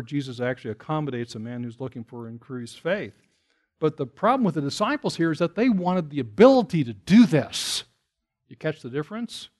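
A man's voice: medium pitch, a little mellow. A man preaching a sermon, explaining Greek words conversationally and rising to emphatic bursts as he retells scripture. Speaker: pastor.

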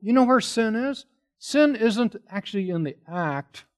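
A man's voice: high voice, expressive, unhurried. A man preaching a sermon, explaining scripture in an earnest teaching manner with pointed questions to listeners. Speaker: pastor.

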